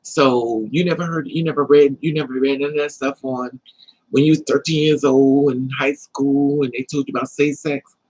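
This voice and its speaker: A woman's voice: rumbling low, fairly even intonation, moderate pace, darkish tone, husky, poor audio. A middle-aged woman chatting casually to her livestream viewers, sassy and emphatic, repeating her lines and calling people honey. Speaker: livestream host.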